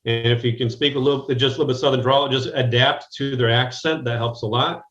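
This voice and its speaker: A man's voice: mid-range voice, steady tone, fairly quick, fairly bright tone. An American man talks business in a loose, rambling way, circling back and restarting his thoughts before landing on a blunt point. His voice sits in a middle register and comes through a slightly dull, muffled remote connection with a roomy echo around it. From United States. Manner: rambling, frequent restarts, direct. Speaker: guest business strategist. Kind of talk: conversational interview. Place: Chicago, remote call.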